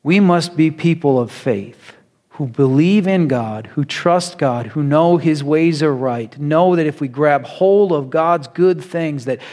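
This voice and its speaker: A man preaches a sermon and tells stories in a conversational, animated way. His voice sits high. The sound has a long reverb, as in a big hall or church. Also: a little slow. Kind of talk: sermon with storytelling.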